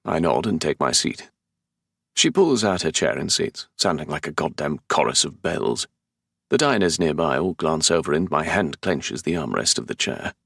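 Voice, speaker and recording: A man's voice: very deep voice, creaky, a bit bright, breathy edge, dry recording. A man with a London English accent narrating a romance audiobook in the first person, with a dry, sardonic, exasperated manner. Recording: dry close studio sound.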